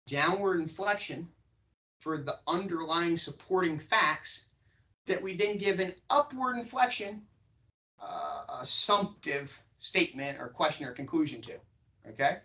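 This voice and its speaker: A man teaching a sales class, stretching his pitch high and low to show how inflection works. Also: distant mic, poor audio. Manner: animated, swings pitch up and down for demonstration. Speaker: sales trainer. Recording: voice from across a room.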